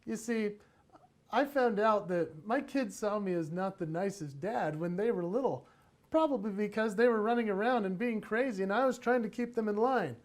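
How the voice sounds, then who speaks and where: A man speaking at a parenting conference, telling animated stories from family life in a motivational talk. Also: high-pitched, moderate pace. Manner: animated, acts out voices in his stories.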